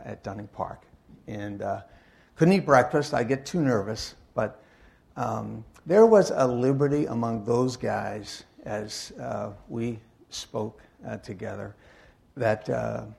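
An older man giving a sermon in a church, telling wry stories in a halting way full of uh and restarts. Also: medium pitch, gravelly, a little mellow, breathy edge. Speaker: guest speaker and Bible teacher. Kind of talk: anecdotal sermon talk.

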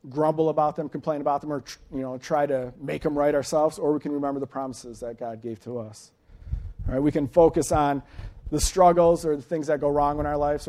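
A man's voice: on the high side, warm tone. A man in his late thirties preaching an informal sermon, folksy and chatty, often checking in with his listeners. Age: late 30s.

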